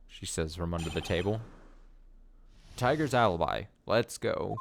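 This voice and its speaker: A man's voice: sits low, unhurried, vocal fry, background noise. Wry man reading game text. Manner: wry, deadpan asides. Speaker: let's play host. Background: game music.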